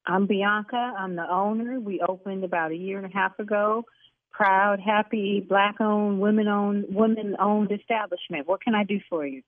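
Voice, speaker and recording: A woman who owns a lash salon argues on a phone call, exasperated, loud and cursing. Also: medium pitch, steady tone, normal speed, no echo. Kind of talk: heated prank-call argument. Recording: tinny phone line.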